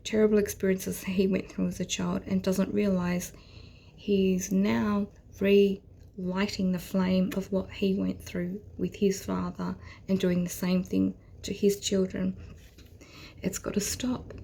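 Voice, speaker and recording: A woman giving a rambling, earnest tarot reading, often dropping into soft whispers. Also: mid-range voice, vocal fry, a little hiss or hum. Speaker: tarot reader. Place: at home with her cat.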